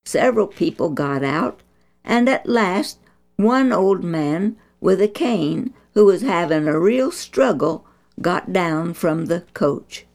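Slow, gravelly woman storyteller. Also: fairly low pitch, expressive. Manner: gentle, deliberate, instructive. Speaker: children's storyteller. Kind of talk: children's Bible story narration.

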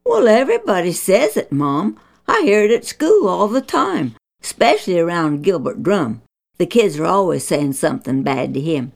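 A woman voicing an eager young schoolboy who talks quickly and pleadingly in a high voice. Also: big pitch swings, creaky, darkish tone, heavily acted.

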